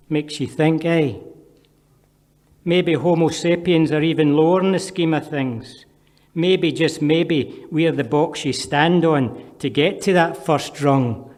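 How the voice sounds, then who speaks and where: A man's voice: fairly high pitch, darkish tone. Scottish man reading poems in a hall. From Scotland. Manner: dry, wry asides between poems. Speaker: poet. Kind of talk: poetry reading. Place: performance venue with long reverb. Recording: reverberant hall.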